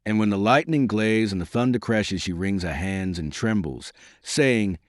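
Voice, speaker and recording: A man's voice: on the low side, a little slow, no echo, clean studio sound, natural voice. A man reading as a fond old village father. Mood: homely. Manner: homely, rambling.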